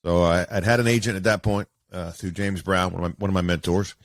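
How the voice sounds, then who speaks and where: Low-voiced man telling stories. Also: quick pace. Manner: animated, acts out quoted voices, many fillers. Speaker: guest, sportscaster. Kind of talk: casual storytelling interview.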